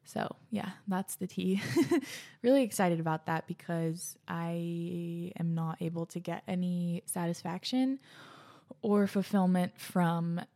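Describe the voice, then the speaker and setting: A woman's voice: lowish voice, slow pace. Breathless chatty young woman podcaster. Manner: bubbly, slangy, drifting into soft near-whispers. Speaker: podcast host. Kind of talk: casual chat and reading listener letters.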